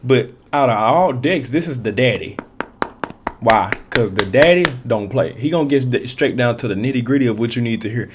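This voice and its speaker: A man's voice: medium pitch, expressive, moderate pace, a little hiss or hum. A man giving a casual tarot reading, rambling and repeating himself, in loose, profane street slang with frequent laughs. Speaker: tarot reader.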